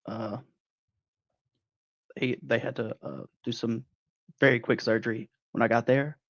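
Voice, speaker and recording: A man's voice: medium pitch, flat delivery, unhurried, a bit bright, no echo, dull audio. A man who is a guest wrestler giving an in-character interview, defensive, aggrieved and boastful.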